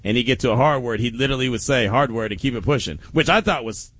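A man's voice: mid-range voice, fast talker, slightly rough. A man hosting a daily sports talk show, telling stories casually with frequent laughs. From Oakland. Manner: animated storytelling with frequent laughs.

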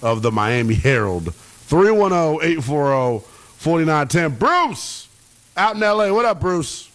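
A young adult sports talk radio host runs a late-night call-in show, playful and laughing often as he riffs with callers. His voice is on the high side, very animated, and unhurried.

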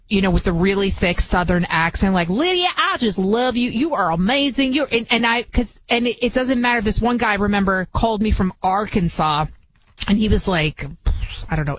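A woman's voice: mid-range voice, poor audio. A woman with a Bronx accent guest-hosting a radio talk show, chatty and emphatic, often restarting her sentences. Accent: Bronx New York. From Bronx, New York.

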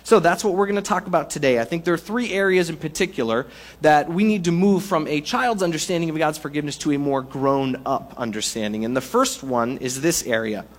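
A man delivering a sermon, his voice sitting a little higher than most men's. He preaches in a relaxed, conversational way and leans on humorous analogies to make his point. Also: a little fast. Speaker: pastor.

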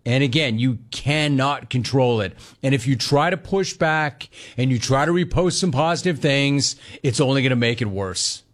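A man's voice: medium pitch, animated, moderate pace. Punchy sports radio host, man. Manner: emphatic, repetitive, punchy delivery. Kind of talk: sports talk radio monologue.

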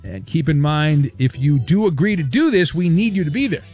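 A man hosting a talk radio show, brisk and teasing as he reads listener messages. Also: a little high, big pitch swings, darkish tone, soft background music. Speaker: radio sports talk host.

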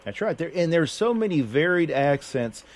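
A man's voice: fairly high pitch, big pitch swings, no echo. Folksy mountain man on radio. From Appalachian Kentucky. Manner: unhurried, folksy, many fillers and restarts. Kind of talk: casual radio chat.

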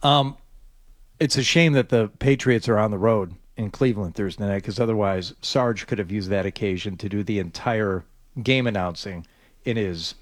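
A man's voice: on the low side, normal speed, no room sound. A man co-hosting a casual chat, making dry, wry remarks.

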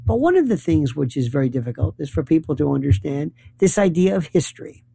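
A man's voice: fairly high pitch, sing-song, fairly quick, creaky, mellow, breathy edge. A man delivering an impassioned political monologue, firing off rhetorical questions and rambling as he gropes for names. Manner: heated, rhetorical, rambling, often searching for names.

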